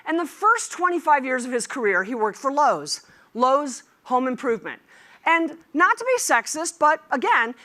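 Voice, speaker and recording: Animated, bright-voiced woman keynote speaker. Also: sits high. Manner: lively and animated, humorous asides to the audience. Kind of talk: conference keynote speech.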